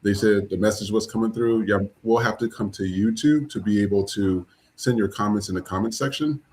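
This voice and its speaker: A man's voice: lowish voice, brisk, darkish tone, a little hiss or hum, low-quality recording. A man hosting a live podcast, chatting casually with many fillers and restarts. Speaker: podcast host. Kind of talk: casual live-stream chat.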